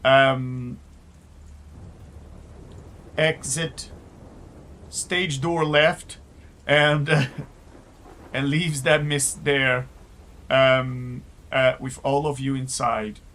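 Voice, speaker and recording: Slow, halting game master man. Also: medium pitch, steady tone, a bit bright, a little hiss or hum. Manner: halting narration full of filler sounds. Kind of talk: narrating a live-play tabletop game.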